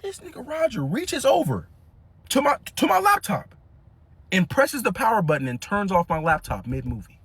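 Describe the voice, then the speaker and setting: Young man, high lively voice, storytelling, dry close sound. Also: brisk, dry recording. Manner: animated, laughs often, acts out other people's lines. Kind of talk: casual storytelling.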